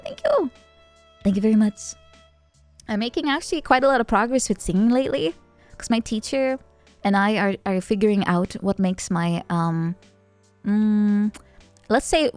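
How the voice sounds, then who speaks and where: Young woman, giggly rambling chat, streaming mic, faint music behind, mid pitch. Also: a little mellow. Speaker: VTuber streamer. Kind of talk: casual chat answering viewer messages.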